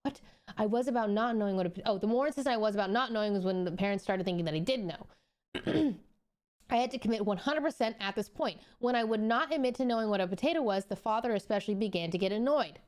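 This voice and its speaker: A woman's voice: medium pitch, fast. A young woman streaming, reading a story aloud and reacting to it in disbelief, swearing and laughing as she goes. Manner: animated and incredulous, swearing freely, laughing often. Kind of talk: casual live-stream reaction.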